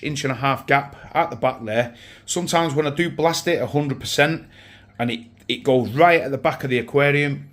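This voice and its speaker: A man with a slightly worn voice, vlogging casually at home beside his aquarium, rambling with many restarts and calling things fantastic. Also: mid-range voice. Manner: rambling, with frequent restarts and repeated words; enthusiastic, keeps saying things are fantastic and massive. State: slightly lost voice. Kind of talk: casual unboxing chat to camera.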